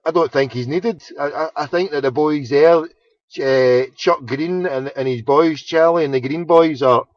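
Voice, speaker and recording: A man's voice: fairly high pitch, measured pace, no room sound. A man chatting casually, rambling and swearing, with many restarts. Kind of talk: casual chat. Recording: dull lo-fi sound.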